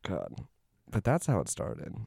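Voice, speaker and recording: A man's voice: low voice, wildly swooping pitch, measured pace, vocal fry, dark tone, breathy edge, dry recording, studio quality. A man co-hosting a podcast, chatting casually and ranting with comic, profane exaggeration. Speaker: podcast co-host. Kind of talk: casual chat.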